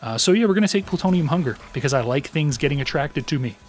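A man's voice: a little high, animated, fast, faint music behind. A man hosting a let's play, commenting on his own gameplay in a rambling, self-deprecating way with lots of fillers.

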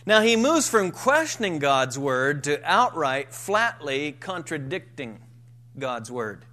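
A man's voice: on the high side, big pitch swings, takes it slowly, bright, forceful tone. A man preaching a sermon in a church, reading scripture and stressing his points with rising force. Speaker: pastor.

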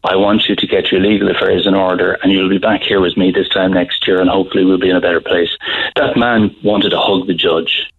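A middle-aged Irish man telling a story in a radio interview, halting, with many restarts. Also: low voice, level tone, slightly rough. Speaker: guest author. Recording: phone-line audio.

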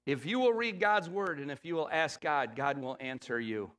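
A middle-aged man preaching a sermon as pastor, rising to loud emphatic peaks and dropping low and quiet for quoted lines. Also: moderate pace. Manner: drops to a low, quiet voice when quoting the Spirit.

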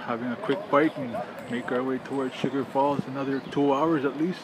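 A man's voice: medium pitch, little pitch movement, brisk. A man from northern Manitoba narrating a casual travel vlog outdoors, giving short clipped progress updates into a handheld camera. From northern Manitoba, Canada. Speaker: trip vlogger. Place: outdoors by lakes and rivers. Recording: outdoor camera audio with clear background noise.

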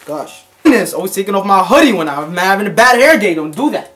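A man's voice: sits high, big pitch swings, brisk, fairly bright tone. A man talking casually to camera as a vlogger, playful and teasing, often repeating and restarting his words. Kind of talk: casual vlog chat.

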